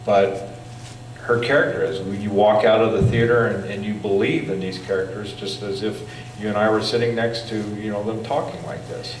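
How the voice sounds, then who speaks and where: A man talks in a soft, conversational way with a slightly low voice. He is recorded from a distance in an echoey room with faint noise. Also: fairly even intonation, normal speed. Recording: echoey hall, far from mic.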